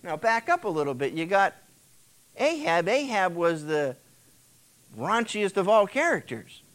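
Heard on an old cassette transfer, a middle-aged male pastor delivers a conversational sermon, sometimes voicing biblical characters. His voice sits high and is very animated and a bit bright, at a measured pace.

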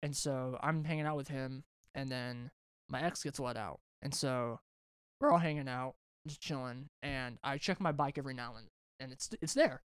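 A man's voice: mid-range voice, normal speed, smooth, no echo, studio quality. A young man hosting a casual podcast, telling a long rambling story with lots of swearing and restarts. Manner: rambling, animated, swears a lot, many restarts. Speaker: podcast host.

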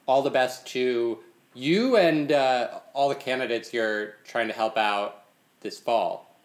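A man co-hosting a casual podcast, relaxed and wry, agreeing readily with his co-host. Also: medium pitch, slow pace, echoey room.

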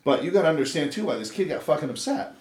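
A man's voice: on the high side, expressive, racing, a little mellow. A man in his thirties from Los Angeles, chatting casually as a podcast co-host and telling stories in a rambling, profane way. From Los Angeles, USA. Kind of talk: casual chat. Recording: roomy echo.

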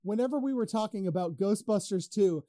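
A man's voice: high-pitched, brisk, dark tone, no room sound. A man co-hosting a podcast in casual, profane banter, arguing and laughing, close on the mic. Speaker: podcast co-host.

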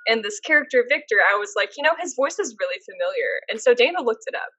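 A woman's voice: a little high, animated, fast, pushed and bright, muffled recording. A woman co-hosting a podcast, chatting casually and telling stories with lots of fillers. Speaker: podcast co-host. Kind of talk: casual chat.

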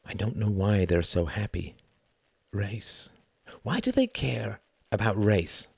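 A man voicing a sorrowful, reflective British ambassador in an audiobook, speaking in a quiet, measured, grave way. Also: on the low side, gravelly, breathy edge, no echo, clean studio sound, exaggerated voice.

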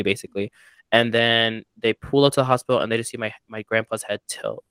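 Fast-talking animated young man. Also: on the low side, no room sound. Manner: animated storyteller who acts out voices. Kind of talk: casual chat among cousins.

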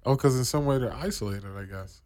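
A man's voice: mid-range voice, brisk, darkish tone, dry recording. A man from the East Coast of the US hosting a radio show, talking casually and slangily with many fillers.

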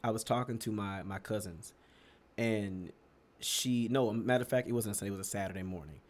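Animated young man telling church stories. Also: fairly quick. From Texas. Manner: animated, laughs often, jumps to high pitch for emphasis. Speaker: podcast co-host. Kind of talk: casual storytelling chat.

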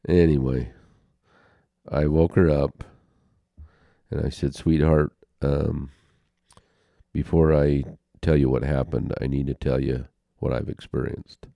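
An older man telling a personal story as an interview guest, halting and heartfelt, with pauses and restarts. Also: extremely low pitch, fairly even intonation, vocal fry, dark tone, dry recording.

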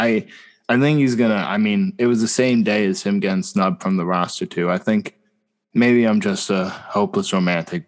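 Low-voiced young man in slangy sports chat. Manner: animated, slangy, talks over his partner. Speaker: podcast co-host.

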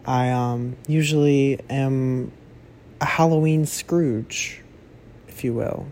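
A man's voice: mid-range voice, steady tone, slow pace, darkish tone, a little hiss or hum. A young man rambling through a casual solo monologue as a podcast host, chatty and self-correcting, swearing freely. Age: young adult.

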